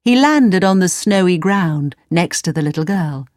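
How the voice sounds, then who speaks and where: Calm woman reading a storybook. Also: on the low side, a little slow, dry recording, studio quality. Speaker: narrator.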